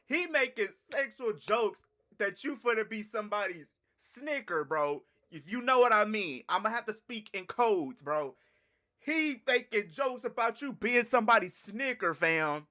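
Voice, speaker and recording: A man's voice: high voice, lively intonation, unhurried, bright, forceful tone, no room sound, clean studio sound. A man hosting a livestream, reacting animatedly and repeating bro and fam. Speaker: livestream host.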